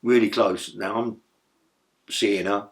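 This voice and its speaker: A man's voice: on the low side, fairly even intonation, takes it slowly. A middle-aged man telling stories in a rambling, profane way, full of stammered restarts. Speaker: interview guest, former prisoner. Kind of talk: casual storytelling.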